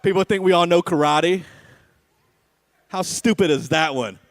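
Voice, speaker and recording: A man's voice: sits high, a little slow, creaky. A man doing a stand-up comedy set at an awards show, with a sarcastic, punchy delivery and frequent "right?" asides.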